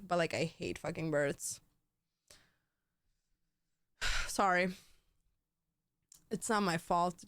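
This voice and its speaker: A woman's voice: on the low side, clear, resonant tone, no room sound. A young woman livestreamer chatting casually, rambling and joking with lots of swearing between thanks to viewers. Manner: rambling, profane, jokey banter.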